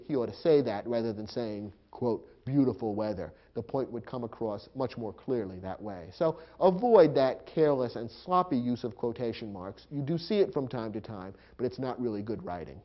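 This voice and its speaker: Man explaining grammar, lo-fi recording. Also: medium pitch. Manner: explanatory, spells out punctuation aloud. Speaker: grammar teacher. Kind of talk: recorded lecture.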